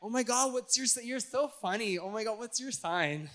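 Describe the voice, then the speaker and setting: A bubbly young woman who can't stop asking about star signs, as a man puts her on. She talks in an airy, giggly drawl, high and bright, with a sharp edge. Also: animated, moderate pace. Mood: gushing.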